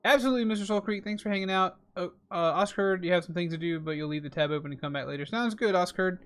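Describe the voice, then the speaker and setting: A man's voice: sits high, fast, a bit bright. Chatty American man streaming a game. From rural South Carolina, USA. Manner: chatty, reads out and answers chat. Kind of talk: live game streaming commentary.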